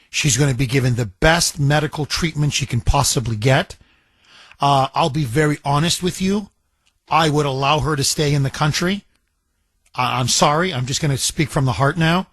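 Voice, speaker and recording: Impassioned husky male radio host. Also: medium pitch, fairly bright tone, no room sound. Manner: impassioned, indignant, emphatic. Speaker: radio talk show host. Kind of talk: talk radio monologue and call-in.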